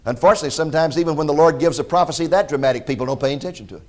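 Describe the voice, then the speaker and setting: A man with a fairly high voice preaches a sermon in a lively storytelling manner. He acts out the quoted lines and points his listeners to scripture passages. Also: very fast. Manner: animated storytelling with dramatized quotes.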